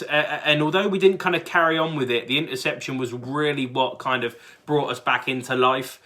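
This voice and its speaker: A young man from England with a British accent, hosting a casual fan reaction and talking in an excitable, rambling way with many fillers and restarts. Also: medium pitch, brisk, few pauses. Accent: British English. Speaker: sports fan channel host.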